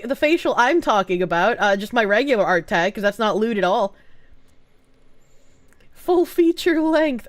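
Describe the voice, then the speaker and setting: A young woman streamer chats loosely with her viewers, swearing and laughing as she goes. Her voice sits high and swings widely in pitch. She is recorded close and dry, with a slightly thick sound from her sore tongue. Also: no room sound. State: talking around a sore swollen tongue. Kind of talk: casual live-stream chat.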